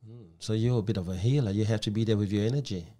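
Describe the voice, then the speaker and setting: A man hosting a podcast interview, asking questions haltingly and often repeating words as he goes. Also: fairly low pitch, steady tone, warm tone. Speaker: podcast host.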